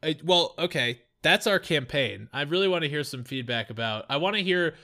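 A man co-hosting a podcast, telling stories in a casual, animated way with laughs. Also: on the high side, brisk. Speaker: podcast co-host. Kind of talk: casual chat.

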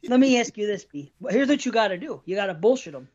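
A man's voice: high-pitched, very animated, fast talker. A middle-aged man co-hosting a podcast, telling rambling profane stories in casual chat. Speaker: podcast co-host. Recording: muffled lo-fi audio.

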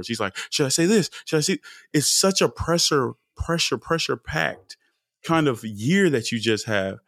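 A man hosts a relaxed podcast interview at an ordinary pitch, speaking in an encouraging way and often repeating key words for emphasis. The sound is dry and close, with no room in it. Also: vocal fry, dry recording. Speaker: podcast host. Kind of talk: casual interview chat.

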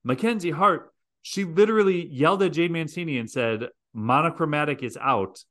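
A man's voice: fairly high pitch, moderate pace, fairly bright tone. A man co-hosting a podcast, chatting casually and joking with emphatic repetition. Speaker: podcast co-host. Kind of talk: casual chat.

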